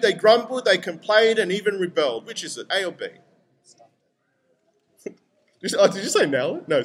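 A young man preaches in a bright, high voice. He keeps it conversational and animated, dropping into quoted voices as he goes. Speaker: pastor. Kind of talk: sermon.

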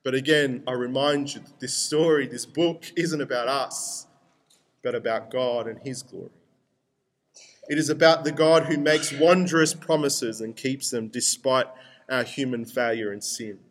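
A young man preaches in a bright, high voice. He keeps it conversational and animated, dropping into quoted voices as he goes. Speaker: pastor. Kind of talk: sermon.

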